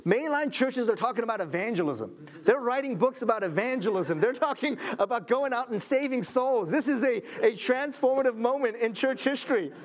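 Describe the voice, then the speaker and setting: A man's voice: very high-pitched, animated, a little fast, few pauses. A man lecturing a church audience, earnest and emphatic, with wry asides. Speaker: lecturer at a Christian school.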